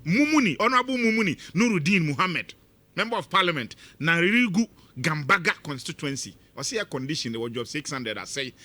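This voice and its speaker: A Ghanaian man with a Ghanaian accent hosting a radio commentary, talking in an emphatic, lively way. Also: fairly high pitch, fast. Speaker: radio host. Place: radio studio.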